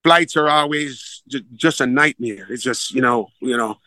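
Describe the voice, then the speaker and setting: In a mid-range voice at normal speed, a middle-aged man from Jamaica, a football coach with a Jamaican accent, tells stories in a laid-back interview and voices the people he quotes with animation. There's no echo, but the sound quality is low.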